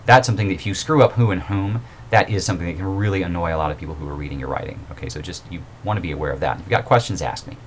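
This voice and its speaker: A man with a very low voice walks through a grammar lesson in a loose, conversational way. He pauses on fillers and corrects himself as he goes. A faint hiss sits under the recording. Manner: informal and explanatory, with fillers and self-corrections. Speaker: writing instructor. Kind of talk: recorded mini-lecture.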